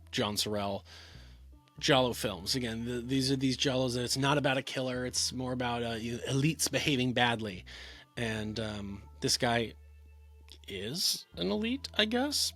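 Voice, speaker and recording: A man's voice: mid-range voice, fairly bright tone. A man giving a casual talking-head film review, rambling, with many fillers and restarts.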